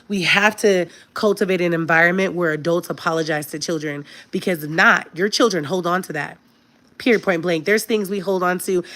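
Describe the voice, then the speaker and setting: A woman's voice: fairly low pitch, a bit bright. A woman in her thirties hosting a casual live stream, talking candidly and earnestly about parenting.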